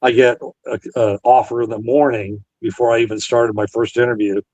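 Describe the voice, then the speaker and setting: A man's voice: medium pitch, little pitch movement, a little fast, darkish tone, no echo, highs cut off. A Navy veteran man in an interview, earnestly retelling past conversations and quoting both sides. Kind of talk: storytelling interview.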